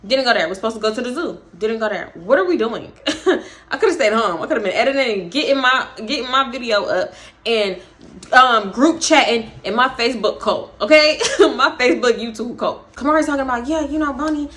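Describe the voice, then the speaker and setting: A young woman telling a wild story on her vlog, high-pitched and bright. She is profane and animated, with frequent laughter. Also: fairly quick. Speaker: vlogger, storytime host.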